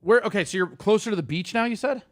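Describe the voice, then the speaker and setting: A man hosting a casual livestream, ranting at his chat in a quick, profane and heated way. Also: high-pitched, no room sound, studio quality, faint music behind. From Italian heritage. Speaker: streamer host.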